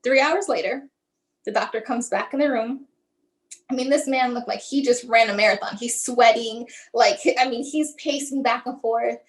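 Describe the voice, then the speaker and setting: Woman, high-pitched, guest telling a personal family story with emotion; acts out the dialogue. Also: normal speed, low-quality recording. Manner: acts out remembered dialogue, frequent "like" and "um". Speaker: guest, mother telling her son's story. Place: lives in the Tampa area.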